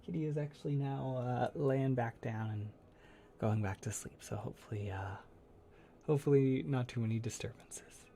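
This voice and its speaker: Soft-spoken gravelly man chatting on stream. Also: medium pitch, moderate pace, slight background noise. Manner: soft-spoken, rambling, laughs often. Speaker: ASMR creator hosting a livestream. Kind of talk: casual livestream chat.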